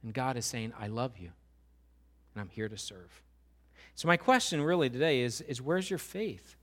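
A man, a pastor, preaching an animated sermon, often acting out quoted voices and building to loud, rising questions. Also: on the high side, normal speed.

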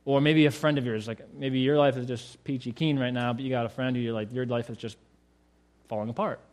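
A male pastor delivers a sermon in a relaxed, conversational way. He keeps putting rhetorical questions to the congregation. His voice is mid-range and ordinary in pitch. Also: brisk.

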